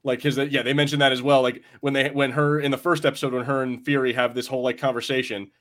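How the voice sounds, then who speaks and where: A man's voice: mid-range voice, flat delivery, fast, a bit bright. An American man co-hosting a podcast, joking and swearing freely in casual chat. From United States. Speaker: podcast co-host.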